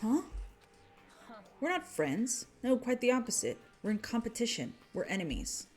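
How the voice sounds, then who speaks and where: A woman's voice: fairly high pitch, big pitch swings, normal speed, darkish tone, soft background music, voice pushed up. A woman voicing an arrogant, condescending rich young man in a game read-through. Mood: cold, smug. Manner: condescending, clipped. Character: arrogant rich young male heir, cold.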